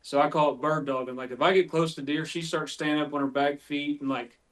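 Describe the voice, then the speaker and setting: A man's voice: a little high, fairly even intonation, a little fast. A man from West Virginia, a podcast guest, telling tracking stories in a rambling way full of fillers. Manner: rambling, filler-heavy storytelling. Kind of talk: casual chat.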